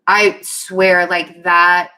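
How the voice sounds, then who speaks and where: A woman's voice: lowish voice, pushed and bright. A woman giving a casual tarot reading, rambling and giggling, often stopping to apologize. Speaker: tarot reader.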